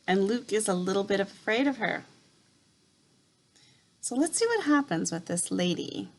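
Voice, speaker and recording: A woman reading a children's novel aloud in a calm, steady narrating voice. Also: mid-range voice, normal speed. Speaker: reader. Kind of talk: storybook read-aloud.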